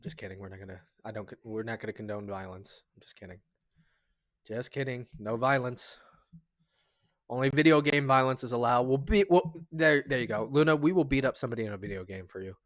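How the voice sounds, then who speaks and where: Male streamer, casual chat, rambling and jokey, mid-pitched voice, close dry sound. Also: fairly quick, no room sound. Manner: rambling, chatty, stumbles and restarts often; sentimental, jokey, thanks viewers often. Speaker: livestreamer.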